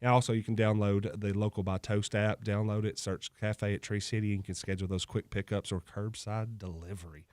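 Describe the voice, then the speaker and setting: A man's voice: lowish voice, flat delivery, fairly quick, hardly any pauses, darkish tone, no room sound. A man hosting a local radio show from the studio. He talks in a loose, joking way and laughs easily between sponsor reads. His voice is close and dry on the studio microphone. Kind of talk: casual on-air chat with sponsor reads.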